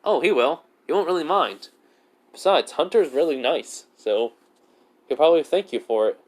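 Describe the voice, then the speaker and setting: A man's voice: mid-range voice, animated, moderate pace, dark tone, lightly acted. A man voicing a kind young male adventurer who reassures a friend. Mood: reassuring.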